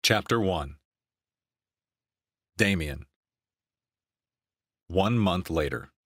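A man narrating a romance novel in an even, steady storytelling voice on a close mic. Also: sits low, drawn-out words, no room sound. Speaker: audiobook narrator.

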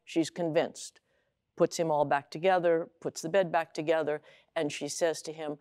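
A woman telling a joke in a deadpan storytelling manner. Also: deep voice, moderate pace, no room sound, studio quality. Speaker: joke teller.

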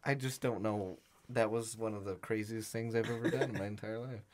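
A man's voice: fairly low pitch, a little fast, a little hiss or hum. Young man, podcast co-host, casual storytelling, acts out the voices in his stories. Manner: animated storyteller acting out quotes.

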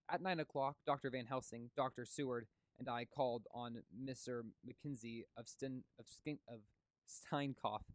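A man reading a classic novel aloud, steady with occasional stumbles and restarts. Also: mid-range voice, dry recording. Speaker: audiobook reader.

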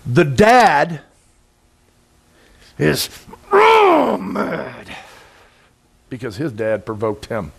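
A middle-aged man preaching a sermon in a conversational, intense way, with sudden loud bursts. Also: fairly high pitch, wildly swooping pitch, drawn-out words, gravelly, long pauses, breathy edge. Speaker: pastor.

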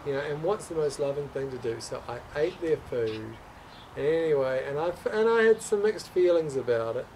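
A man's voice: on the high side, animated, moderate pace, a little mellow, recorded from a distance, slight background noise, rough recording. A man telling a personal story as a guest in a conversation. He speaks earnestly and with open emotion, stumbling, restarting and repeating words as he goes.

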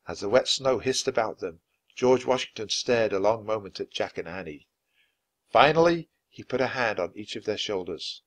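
A man reading a children's chapter book aloud, narrating clearly and expressively. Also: lowish voice, animated, moderate pace. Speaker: storybook reader.

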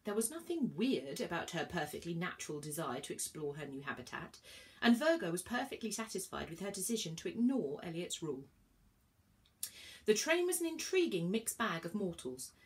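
Expressive woman reading a children's book. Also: on the low side, moderate pace. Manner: expressive storytelling. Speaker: reader. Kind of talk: children's book read-aloud.

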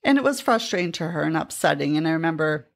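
A woman's voice: sits low, expressive, fast, vocal fry. A middle-aged woman coach chatting casually on a podcast, retelling conversations with lots of fillers. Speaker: life coach.

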